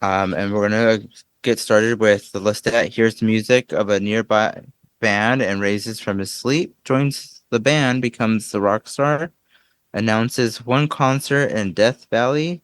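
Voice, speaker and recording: A man's voice: on the low side, slow pace, clean tone, dry recording. A man co-hosting a podcast, rambling and laughing as he recaps a film in casual chat. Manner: rambling, self-interrupting, laughs often. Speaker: podcast co-host. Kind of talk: casual movie discussion.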